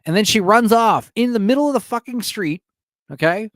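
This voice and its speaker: A man's voice: high-pitched, lively intonation, moderate pace, dry recording, studio quality. A man streaming alone, giving a casual, profane movie recap and laughing often.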